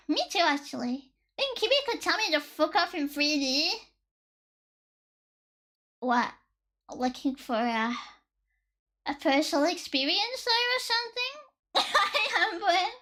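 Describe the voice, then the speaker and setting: A woman's voice: sits high, sharp tone. A woman streamer chatting with live viewers, joking, sarcastic and swearing freely, her voice slightly worn. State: voice slightly worn from past strain. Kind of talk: casual chat with live viewers.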